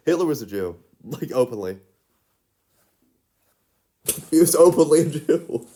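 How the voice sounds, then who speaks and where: Taking his time, a man with a higher, mellow voice speaks animatedly in a casual, drifting monologue. His talk is giggly and heavy with "like," full of false starts and restarts.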